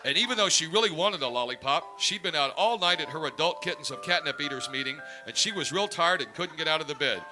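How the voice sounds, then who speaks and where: A man reading a parody children's story in a mock-innocent, deadpan storybook voice in a radio studio. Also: a little high, fast talker, hardly any pauses, over music. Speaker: comic storyteller.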